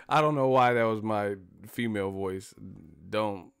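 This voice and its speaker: A man's voice: lowish voice, a little slow, smooth, no room sound, studio quality, soft background music. A man hosting a casual live stream, rambling and swearing freely and laughing often.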